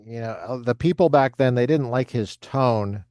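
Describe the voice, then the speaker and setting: A man's voice: mid-range voice, normal speed, darkish tone, clean tone. A man reading passages from a book aloud and adding joking commentary of his own. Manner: reads passages with joking asides. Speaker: lecturer reading from a history book.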